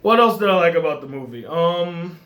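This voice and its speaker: A man giving a casual film review in an animated way, often laughing and restarting his sentences. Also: fairly high pitch, normal speed. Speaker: movie reviewer.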